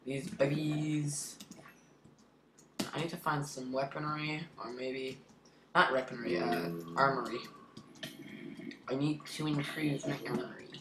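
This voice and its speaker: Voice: mid-range voice, normal speed, roomy sound, noisy background. A gameplay commentator in casual let's-play chatter, playful and teasing, muttering asides to the other players.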